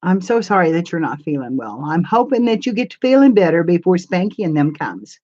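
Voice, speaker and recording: A woman's voice: lowish voice, big pitch swings, a little fast, a little mellow, highs cut off. An older woman hosting a crafts channel, chatting in a rambling, homey way and answering viewers' comments on a live stream. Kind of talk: casual live-stream chat. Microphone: camera mic.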